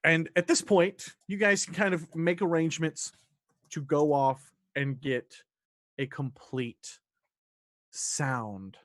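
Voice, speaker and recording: A man narrating a tabletop role-playing game as dungeon master, casual and animated with quick asides. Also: a little high, no echo, clean studio sound.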